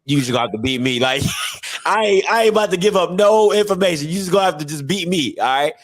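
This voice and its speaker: A man hosting a relaxed talk show, spinning family anecdotes. His voice sits a little high and jumps around wildly in pitch as he acts out each character, and he breaks into laughter often. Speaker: podcast host. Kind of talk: casual storytelling.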